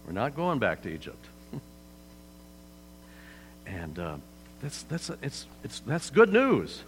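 A man's voice: medium pitch, huge pitch swings, slow. A man preaching a sermon as pastor in a church hall, conversational, often turning to the audience with questions. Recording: hall reverb, faint mains hum.

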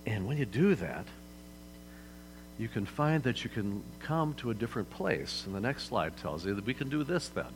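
A man's voice: on the low side, sing-song, normal speed. A man preaching a sermon as pastor in a church hall, conversational, often turning to the audience with questions. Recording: hall reverb, faint mains hum.

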